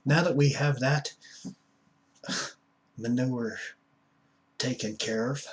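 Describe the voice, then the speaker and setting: This vlog comes from a man in his fifties who works as an addiction counselor, filming at night in a rooming house room. His medium-pitched voice is steady and slow, though his manner is playful and theatrical, with whispers and spelled-out words, and the audio quality is poor.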